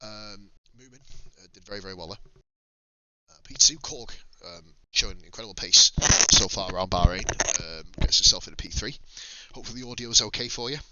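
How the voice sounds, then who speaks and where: A man's voice: on the low side, fairly quick, noisy background. A man in his thirties from North England with a Northern English accent, commentating a sim race on a live stream in a casual, chatty way, swearing and laughing often. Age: 30s.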